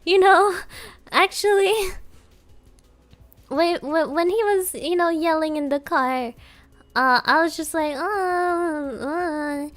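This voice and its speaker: A woman's voice: very high-pitched, slow pace, long pauses. A young woman streaming live, chatting casually in a rambling, giggly way with lots of fillers. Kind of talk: casual chat.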